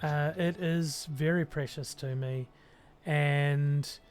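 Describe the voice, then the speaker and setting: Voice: medium pitch, steady tone, takes it slowly, soft background music. A streamer with a New Zealand accent, chatting casually and thinking aloud with lots of ums while painting miniatures. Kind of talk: casual livestream chat while working.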